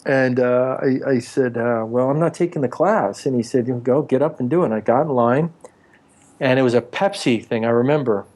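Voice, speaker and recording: A man in his forties tells long, rambling stories from his early acting days in a casual interview. He slips into the voices of the people he quotes. His voice sits at an everyday middle pitch. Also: fairly quick, darkish tone. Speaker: actor and author, interview guest.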